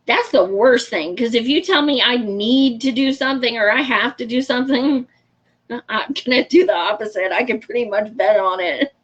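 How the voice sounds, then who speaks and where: A woman hosting a show chats casually with her viewers on a livestream, answering their comments. Frank and talkative, she laughs often and swears freely. Her voice is a little high, and the recording sounds muffled.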